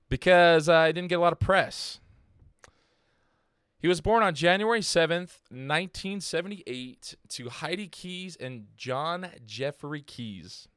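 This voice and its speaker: A man's voice: a little high, fairly bright tone, clean tone, dry recording, studio quality. A man hosting a podcast, telling a story in casual chat with lots of fillers and restarts. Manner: rambling, filler-heavy, laughs at own jokes. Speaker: podcast host.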